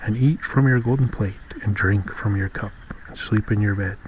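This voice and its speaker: An earnest talking frog from a storybook, coaxing and persistent, as a man reads him aloud. His voice sits low and plain, with a faint hiss behind it. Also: normal speed, close to an everyday voice.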